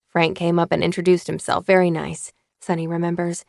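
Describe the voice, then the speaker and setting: Woman, audiobook narrator, measured even reading, gravelly fry, dry close sound. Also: on the low side, no room sound.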